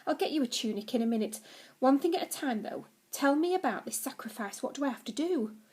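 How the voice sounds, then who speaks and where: A woman's voice: sits high, expressive, a little fast, darkish tone, husky. A woman voicing a cheeky eight-year-old boy who talks in a patient, matter-of-fact way.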